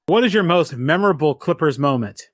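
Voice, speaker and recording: A man's voice: a little high, lively intonation, fairly quick, no echo. Conversational male podcast host, dry sound. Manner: conversational, asks questions. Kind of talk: casual podcast interview.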